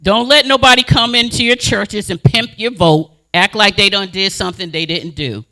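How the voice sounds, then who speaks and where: A woman community advocate giving an impassioned speech at a community meeting, telling stories in an animated, emphatic and blunt way. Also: mid-range voice, normal speed.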